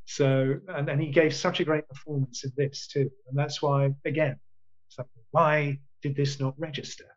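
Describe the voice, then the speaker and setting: An older man in his sixties tells winding anecdotes, restarting his sentences and voicing his own past thoughts aloud. His voice sits a little high for a man. The sound is dull and lo-fi, like call audio. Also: level tone, normal speed. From England. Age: 60s. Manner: rambling anecdotes with many restarts and quoted asides. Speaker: actor, interview guest. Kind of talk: casual storytelling in an interview.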